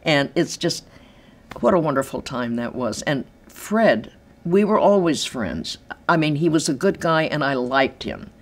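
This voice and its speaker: An older woman telling stories in an interview from her apartment, animated and acting out the voices of others. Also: sits low, measured pace. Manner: animated, acts out quoted voices, laughs easily. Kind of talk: storytelling in an interview. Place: large empty room in her apartment.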